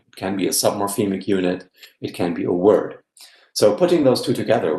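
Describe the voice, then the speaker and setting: A man's voice: sits low, a little mellow, echoey room. A man giving an academic guest lecture, explaining step by step and often checking in with his listeners. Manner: explanatory, checks in with frequent "yeah?".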